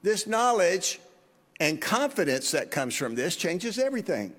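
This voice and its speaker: Man in his 50s preaching, high voice, long church echo, earnest and chatty. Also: very animated, unhurried, a bit bright. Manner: earnest, conversational, asks the congregation questions. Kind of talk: sermon. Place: church sanctuary.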